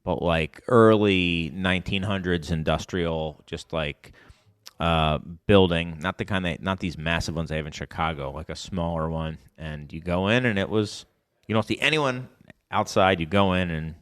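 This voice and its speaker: A man's voice: sits low, moderate pace, smooth, no room sound, clean studio sound. A man co-hosting a podcast in casual chat, rambling and searching for words as he talks. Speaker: podcast co-host.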